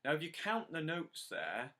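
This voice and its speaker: A man talks through a harmonica lesson in a clear, bright voice. He is patient and encouraging, counting the learner in and calling out notes one by one. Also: fairly high pitch, huge pitch swings. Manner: counts in and sings lines slowly. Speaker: harmonica teacher. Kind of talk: step-by-step music lesson.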